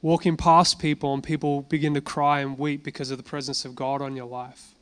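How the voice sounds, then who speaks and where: A man's voice: mid-range voice, level tone, fairly quick, clean tone. A man giving an informal sermon, telling personal testimony in a conversational way and asking and answering his own questions. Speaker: preacher.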